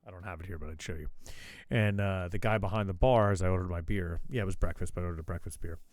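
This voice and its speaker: Low-ish dude rambling and cussing through a story on his show, dead dry mic. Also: fast talker, darkish tone, no room sound. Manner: swears a lot, rambling asides. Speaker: show host. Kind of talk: casual profane storytelling.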